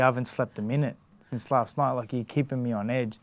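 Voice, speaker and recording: A man's voice: medium pitch, steady tone, no echo. A man, a boxer, talking casually in an interview, often restarting his sentences and filling them with "you know" and "like". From Australia. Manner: halting, many restarts and fillers. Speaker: guest, boxer.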